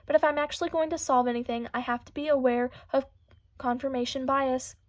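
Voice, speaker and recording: Woman, audiobook narration, steady reading, high voice, dry close sound. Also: no echo. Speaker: audiobook reader.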